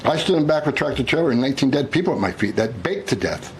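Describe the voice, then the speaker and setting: A man's voice: medium pitch, big pitch swings, very fast, poor audio. An older man, a government official in a played clip, speaking with earnest intensity. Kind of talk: impassioned public remarks. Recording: clip with faint background noise.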